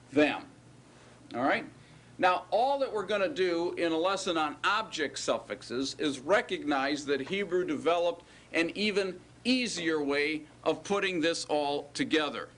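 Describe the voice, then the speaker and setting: A man with a slightly high voice teaches Hebrew grammar in a classroom lecture, with a bit of noise in the background. He keeps it conversational, checking in with his students through frequent "right?" and "okay?".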